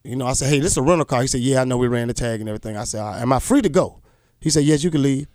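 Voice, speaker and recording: A comedian telling funny stories on a morning radio show, acting out the people in them and laughing often. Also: male voice, mid-range voice, rapid-fire, dry recording, clean studio sound. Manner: animated storytelling, laughing, acting out quotes. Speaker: comedian guest. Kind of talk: casual radio chat. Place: radio studio. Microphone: studio microphone.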